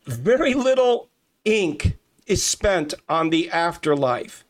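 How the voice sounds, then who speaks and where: A man's voice: a little high, big pitch swings, takes it slowly. A man preaching fervently as a podcast host, repeating key phrases and addressing listeners as brothers and sisters. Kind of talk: impassioned preaching.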